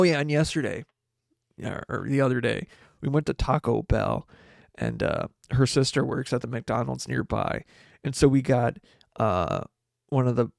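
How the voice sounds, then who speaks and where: A man's voice: medium pitch, creaky, a little mellow, no room sound, studio quality. A man hosting a casual solo livestream podcast. He rambles, restarts his sentences, corrects himself often and laughs a lot. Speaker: podcast host.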